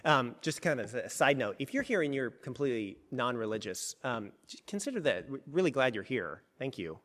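A man preaching a sermon in an animated, conversational way, with frequent restarts, to people gathered in a large hall. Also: medium pitch, fairly quick. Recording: long hall reverb.

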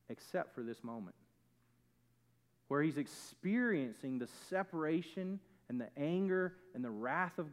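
Preacher, male, slightly high-pitched, emphatic sermon delivery with loud swells and soft drops. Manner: emphatic, swelling to loud peaks then dropping quiet. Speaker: pastor.

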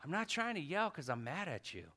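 A man preaching a sermon as pastor in a church, passionate and joking with the congregation, swinging from loud outbursts to hushed asides. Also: high-pitched, sing-song, brisk. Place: church sanctuary.

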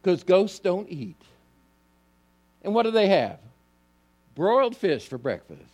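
A pastor delivers a sermon in a fairly high male voice, retelling the story with animated, emphatic lines that build as he goes. He keeps turning to his listeners with direct questions. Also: slow pace.

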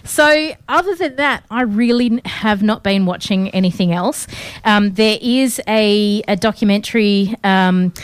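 A woman's voice: medium pitch, smooth, dry recording. A woman, co-hosting a show in casual, upbeat chat with many fillers. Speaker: radio co-host.

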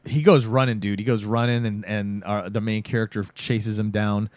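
A man's voice: on the low side, moderate pace, no echo. Casual man recapping a film. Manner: rambling, animated retelling with acted quotes.

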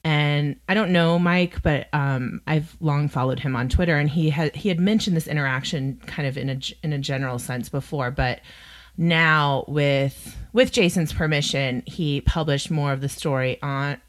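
A woman with a low, chatty voice talks through her latest recommendations. Her delivery is wry and loose, with fillers and side remarks throughout, in the easy manner of a podcast host. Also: moderate pace. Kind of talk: casual chat.

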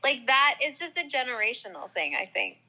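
A woman's voice: fairly high pitch, big pitch swings, a little fast, pushed and bright, poor audio. A young woman from the New York area in casual chat, rambling with many filler words.

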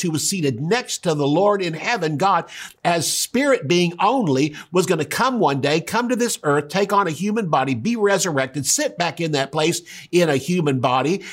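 A man from the United States preaching a sermon, emphatic and conversational, with frequent rhetorical questions to the congregation. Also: fairly high pitch. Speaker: pastor.

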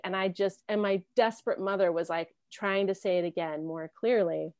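A woman's voice: mid-range voice, steady tone, normal speed, darkish tone, clear, resonant tone, dry recording. A woman from South America in her thirties or forties, telling personal stories as an interview guest, laughing often and acting out other people's lines. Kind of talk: casual personal storytelling.

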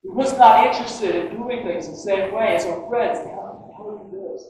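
A male pastor preaching a sermon, animated, moving between loud emphasis and quiet asides. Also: sits high, normal speed, a little hiss or hum. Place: church auditorium. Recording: echoey church hall, mic distant.

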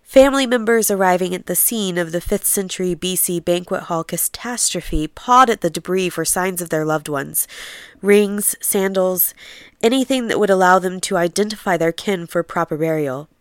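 A woman's voice: on the low side, normal speed, smooth, no room sound, clean studio sound. A woman podcast host who is sick and sounds nasal and congested, chatting briefly and then reading a narrative passage aloud.

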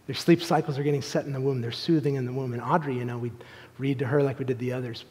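A pastor in his thirties preaching a sermon, moving between loud, emphatic appeals and soft, hushed storytelling. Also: mid-range voice, steady tone, quick pace. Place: church sanctuary. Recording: long hall reverb.

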